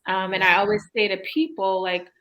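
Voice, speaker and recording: A woman hosting a podcast, chatting in an animated way with frequent laughs and many fillers. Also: medium pitch, fairly quick. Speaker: podcast host, therapist. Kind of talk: casual interview chat.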